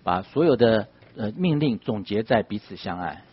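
A man interpreting a sermon phrase by phrase, rendering each line quickly after the preacher. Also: on the low side, animated, breathy edge, muffled recording.

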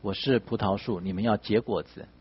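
A man interpreting a sermon phrase by phrase, rendering each line quickly after the preacher. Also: lowish voice, steady tone, husky, muffled recording.

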